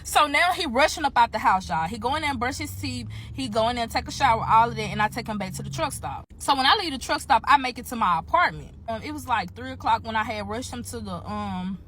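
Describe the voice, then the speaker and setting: Woman, storytime vlogger; bright and forceful, a bit high, chatty and swearing freely. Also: lively intonation, fast talker, few pauses, slight background noise. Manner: chatty, profane, addresses viewers as y'all. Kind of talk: casual storytime vlog.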